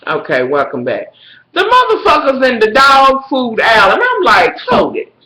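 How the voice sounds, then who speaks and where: A woman telling a profane, dramatic story to her viewers, swinging between shrill squeals and low mutters. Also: wildly swooping pitch, normal speed, pushed and bright, reverberant, low-quality recording. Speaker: vlogger. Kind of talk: profane storytelling rant to camera.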